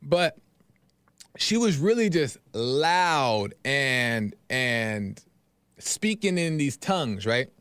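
A man's voice: medium pitch, very animated, extremely slow, a bit bright, clean tone, dry recording. A man hosting a podcast, telling a personal story in a loose, casual monologue full of fillers and asides. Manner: loose, repetitive, talks in fillers and "right?". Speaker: podcast host.

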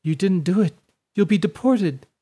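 A man doing a giddy, high-voiced young woman. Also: animated, normal speed, mellow. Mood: distressed. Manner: breathless eager rises, stammers when scared. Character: excitable young woman, naive and hopeful.

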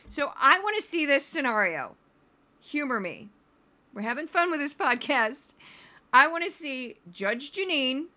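A woman hosting a podcast of comedic political commentary, talking in a sarcastic, animated way. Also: sits high. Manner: sarcastic and animated, slips into voices. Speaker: podcast host.

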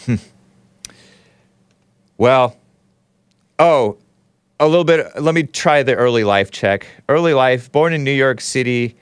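A man's voice: medium pitch, takes it slowly, long pauses, clean tone, dry recording, clean studio sound. A man hosting a live talk show, rambling and sarcastic, reading aloud and joking with his chat. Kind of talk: casual live-stream commentary.

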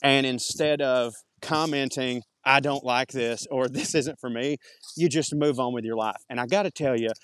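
A man with a thick Southern US accent and a medium-pitched voice rambles as a podcast host, chatty and self-deprecating, while walking through the woods. He's slightly out of breath from heading uphill, and there's no room sound.

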